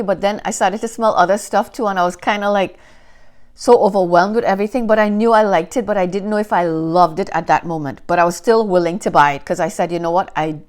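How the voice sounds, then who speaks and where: Female vlogger, slightly low voice, animated and gushing, casual storyteller. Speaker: fragrance reviewer. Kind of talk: casual chat to camera. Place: Canada.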